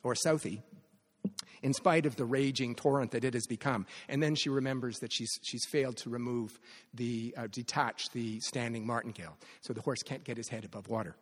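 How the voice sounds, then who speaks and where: This Canadian man, a novelist at a literary festival reading, talks briskly in a mid-range voice with a breathy edge. The space sounds big, and he often restarts and uses fillers during his live author talk.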